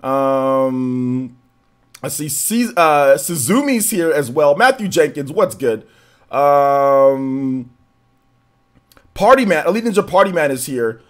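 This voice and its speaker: A man streaming a game, chatting casually and giving shout-outs to viewers, his voice a little worn and still recovering. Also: fairly high pitch, very animated, takes it slowly. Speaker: gaming streamer. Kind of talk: live stream chat, greeting viewers.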